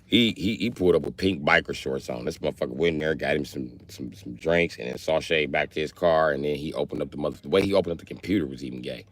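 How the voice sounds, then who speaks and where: A man's voice: extremely low pitch, fast, hardly any pauses. A young man from Wisconsin, a livestreamer telling a rambling, profane comic story with lots of energy.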